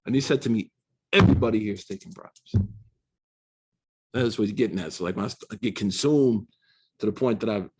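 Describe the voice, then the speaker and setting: Brief: American male teacher, rapid-fire, animated, slangy classroom talk. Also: on the low side, breathy edge. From United States. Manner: fast, slangy, animated storytelling with Arabic recitation. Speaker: Islamic studies teacher. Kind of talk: casual classroom lecture. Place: university classroom.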